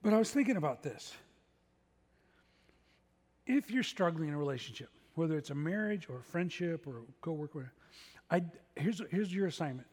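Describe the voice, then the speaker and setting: A man's voice: on the high side, animated, moderate pace, pauses often, darkish tone. A middle-aged man preaching a sermon as pastor, conversational with self-deprecating asides. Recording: long reverb of a large hall.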